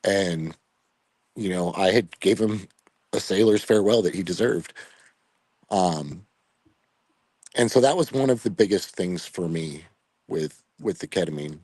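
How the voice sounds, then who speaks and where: A middle-aged man with a deep, low voice tells a painful personal story as a podcast guest. He speaks reflectively, pausing and restarting with fillers as emotion rises. The sound is dry and close, with no room around it. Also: darkish tone, slightly rough, no room sound. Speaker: retired Air Force veteran guest.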